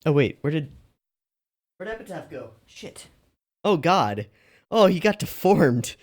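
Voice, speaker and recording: A woman's voice: deep voice, sing-song, measured pace, darkish tone. A woman hosting an anime reaction channel, chatting casually between takes and laughing and swearing at her own mistakes. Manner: giggly, self-mocking, swears and keeps laughing between takes. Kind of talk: casual behind-the-scenes chat.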